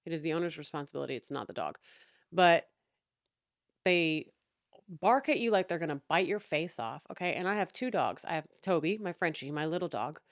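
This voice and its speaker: A young woman with a fairly low voice vents about her neighbors in a casual, sarcastic rant, swearing freely. The sound is dry and close, with no room around it. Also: animated, fairly quick, no echo. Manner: exasperated, profane, sarcastic. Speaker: podcast host.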